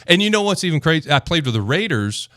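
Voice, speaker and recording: A man's voice: fairly high pitch, quick pace, dry recording, clean studio sound. A man, a former football lineman, telling stories as a guest in a casual podcast chat and acting out the quotes. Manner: animated storyteller, acts out quotes. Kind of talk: casual storytelling.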